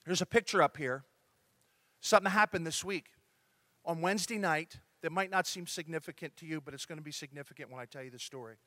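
A man preaching a sermon as pastor, talking to his congregation in a lively, conversational way. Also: on the high side, dry recording.

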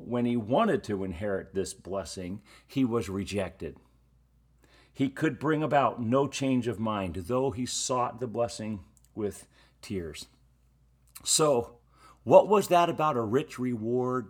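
Male pastor, middle-aged, unhurried sermon delivery, conversational with emphatic key words. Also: mid-range voice, breathy edge.

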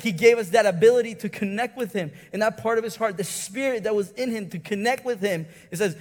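A man with a high voice preaching in a church hall, telling a story with his feelings running high. He swings from hushed, tender lows to loud, stirred peaks and stumbles over repeated words. His voice carries a long reverb through the room. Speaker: pastor. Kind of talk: sermon.

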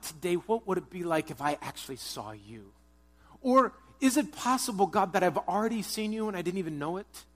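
A pastor preaching a sermon, earnest, moving between strong urging and quiet, hushed prayer. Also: male voice, fairly high pitch. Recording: long hall reverb.

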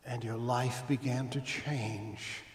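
A man's voice: mid-range voice, fairly even intonation, takes it slowly. Preaching pastor, man, in an echoey hall. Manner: emphatic preaching that swings from hushed asides to loud exclamations. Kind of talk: sermon.

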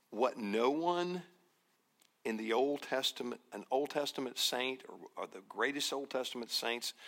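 Man, pastor, sermon, slow delivery, lively swooping pitch, emphatic repetition. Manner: slow, emphatic preaching with repeated phrases, dropping to near-whispers.

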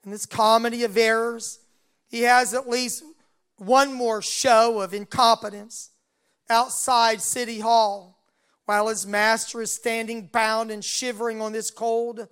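A man's voice: very high voice, flat delivery, measured pace, a bit bright, clear, resonant tone. A man preaching a sermon and retelling a Bible story, voicing its dialogue along the way.

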